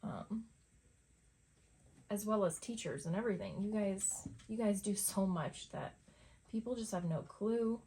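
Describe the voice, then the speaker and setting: A woman's voice: medium pitch, vocal fry, mellow. A middle-aged woman at home, chatting casually and rambling while she paints, laughing often. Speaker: art vlogger. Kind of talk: casual chat over painting.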